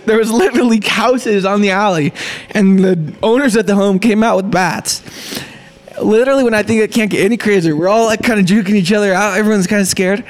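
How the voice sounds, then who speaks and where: A young man who owns a small business, excitedly telling a story and acting out the quotes. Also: high-pitched, brisk. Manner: excitable, acts out quotes in a rush. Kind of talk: animated storytelling.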